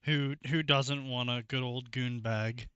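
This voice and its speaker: A man's voice: mid-range voice, steady tone, a little slow, a bit bright, clear, resonant tone, dry recording. A man co-hosting a stream, reading fanfiction aloud and making dry sarcastic asides. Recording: dry, dull lo-fi mic.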